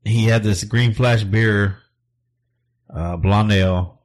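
Brief: lower-voiced man, easygoing storyteller, casual chat. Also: fairly even intonation, slow pace. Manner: laid-back storytelling with fillers.

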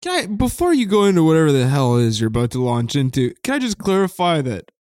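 A man's voice: a little high, huge pitch swings, fast talker, a little mellow, no room sound, studio quality, pitched above the performer's own voice. A man playing a weepy, confused widower. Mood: bewildered. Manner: rambling, breaks into laughter. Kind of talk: improvised comedy scene.

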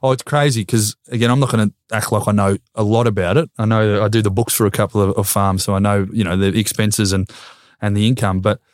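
A man's voice: fairly low pitch, steady tone, fast talker, no room sound, clean studio sound. A man in his thirties with an Australian accent, a former footballer talking as a podcast guest. He is earnest and reflective, and he often repeats words while he works out a thought. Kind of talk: casual conversation.

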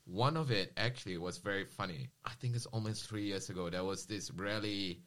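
A man casually recounting personal experiences in an interview, with a rambling, animated manner and quoted dialogue. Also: lowish voice, brisk.

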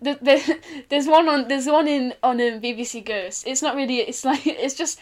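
A woman's voice: high-pitched, moderate pace, darkish tone. A young woman co-hosting a casual podcast, giggling often and answering with short agreeing replies. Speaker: podcast co-host. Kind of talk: casual chat.

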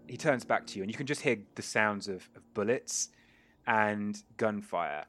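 A man narrating as game master of a tabletop role-playing game, relaxed and storytelling, with many fillers. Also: lowish voice, normal speed, soft background music.

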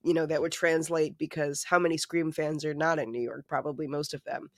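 A podcast co-host in casual chat who talks in an animated, profane, joking way. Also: medium pitch, fairly quick, dry recording, clean studio sound. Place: lives in New York City.

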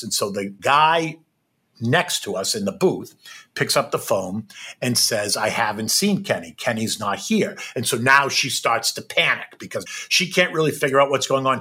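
A man's voice: medium pitch, pushed and bright, husky. A man recounting a personal experience in an emphatic, repetitive way, often tagging his sentences with "right?". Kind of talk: personal storytelling.

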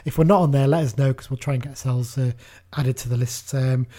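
A man's voice: medium pitch, fairly even intonation, fast talker, warm tone. A man hosting a casual football podcast, chatty and upbeat, laughing easily as he talks. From England. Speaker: podcast host.

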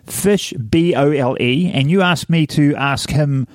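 A man's voice: on the high side, unhurried, dry recording, studio quality. A man, co-hosting a podcast, explaining things in a matter-of-fact casual chat. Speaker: podcast co-host.

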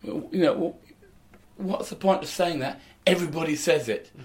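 A man's voice: on the high side, normal speed, darkish tone. An older man, a comedian, telling stories in casual conversation with a dry, anecdotal manner. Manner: anecdotal, dry, acts out quoted lines. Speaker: comedian guest.

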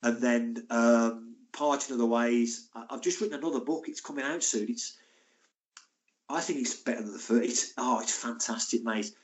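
Older male guest, lively yarn-spinner, chatty asides. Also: mid-range voice, normal speed. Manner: lively, acts out the voices in his stories; chatty, frequent asides like "mate" and "and that". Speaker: podcast guest, former footballer and physio. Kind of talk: anecdotal storytelling.

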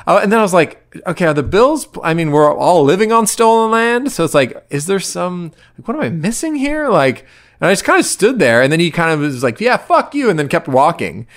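Man in his thirties, casual podcast co-host from Ontario, animated storyteller who does the voices. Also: fairly high pitch, brisk. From Southern Ontario, Canada. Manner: animated, acts out voices in quoted lines.

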